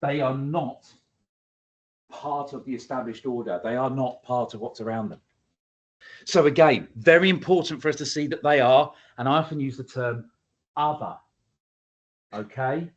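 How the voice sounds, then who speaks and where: A male teacher giving a lecture to students, emphatic and animated, with frequent ums and uhs. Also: mid-range voice, normal speed, pauses often. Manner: emphatic, varies loudness, many fillers. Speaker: English teacher. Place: school hall. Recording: echoey hall, dull lo-fi sound.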